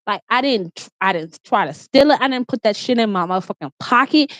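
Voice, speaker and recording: A woman's voice: fairly high pitch, expressive, brisk, a bit bright, no echo. A woman vlogger telling a heated, profane storytime rant from her room, repeating herself as she gets riled up. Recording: dull, slightly muffled sound.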